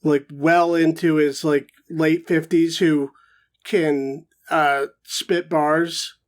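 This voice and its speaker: A man's voice: fairly high pitch, flat delivery, extremely slow. A man co-hosting a podcast, chatting casually about a film and thinking aloud with lots of fillers. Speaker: podcast co-host.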